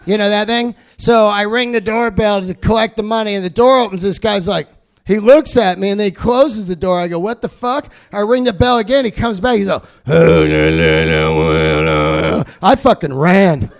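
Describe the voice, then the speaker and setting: A man doing a loud, profane stand-up set, ranting. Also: high voice, expressive, moderate pace. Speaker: stand-up comedian.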